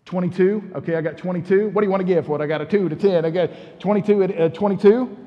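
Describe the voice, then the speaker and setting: A man's voice: sits high, fast talker, big-room sound, lo-fi sound. A man preaching a sermon in a conversational, storytelling way, asking the congregation questions as he goes. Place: church sanctuary.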